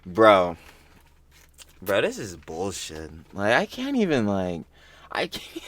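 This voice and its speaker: Young man ranting, animated and profane. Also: medium pitch, slow, a little hiss or hum. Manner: heated, profane ranting with repeated exasperated outbursts. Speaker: reaction video host. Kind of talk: casual reaction commentary.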